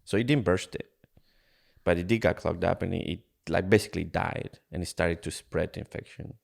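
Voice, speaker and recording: An earnest man from Ecuador tells his own story as a podcast guest. His voice sits low and carries a gravelly, rough edge. He talks in a candid, halting way and acts out past conversations as he goes. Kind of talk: candid personal storytelling in an interview.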